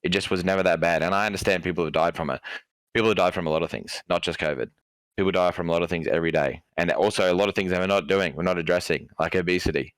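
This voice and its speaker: A man's voice: deep voice, racing, fairly bright tone, clean tone, no room sound. A young Australian man, a podcast guest, giving blunt opinions in an easygoing way with frequent ums. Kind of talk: casual chat.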